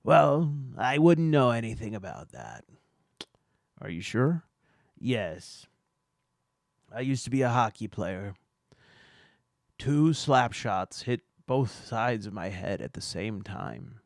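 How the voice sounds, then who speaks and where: A man voicing Bobby, a dramatic male schoolteacher with a head injury in a solo tabletop game, with a theatrical, slow and drawn-out delivery. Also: medium pitch, sing-song, gravelly, no room sound, clean studio sound, heavily acted.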